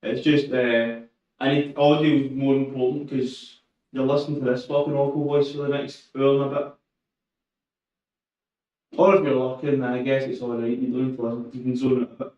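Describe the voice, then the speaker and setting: A man chatting casually during a live stream while he trains, relaxed and swearing now and then. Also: medium pitch, moderate pace. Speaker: streamer training for a powerlifting meet. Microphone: shotgun mic through a camera, away from him. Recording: echoey, distant, muffled lo-fi mic.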